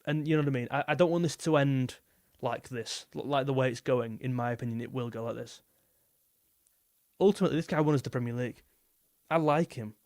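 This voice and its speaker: A man's voice: mid-range voice, fairly quick, a little mellow, dry recording, clean studio sound. A young man hosting a live football stream, chatting casually and rambling as he reads out viewer messages. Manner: rambling, repeats himself, reads super chats aloud.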